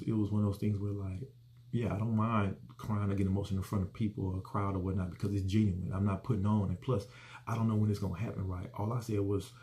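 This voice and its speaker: Middle-aged man, gravelly fry in the voice, earnest rambling host. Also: on the low side, dark tone. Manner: rambling, earnest, repeats words. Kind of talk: casual personal reflection.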